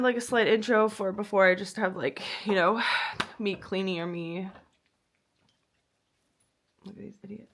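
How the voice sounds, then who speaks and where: A woman's voice: mid-range voice, bright, forceful tone. A young woman vlogging about a painful breakup, tearful and rambling, with lots of fillers and swearing. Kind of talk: emotional personal vlog.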